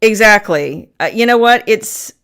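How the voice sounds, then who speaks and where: A middle-aged woman hosts a relaxed livestream from home, chatting and welcoming viewers by name. Her voice is smooth and clear at a middle pitch, and her talk is loose and friendly with plenty of fillers. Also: a little slow. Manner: chatty, greets viewers by name, frequent ums. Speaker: livestream host. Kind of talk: casual livestream chat. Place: home family room.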